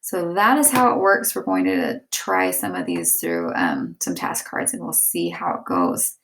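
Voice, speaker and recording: A woman's voice: a bass voice, wildly swooping pitch, a little slow, fairly bright tone. A woman teacher explaining step by step and reading example sentences aloud. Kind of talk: classroom lesson.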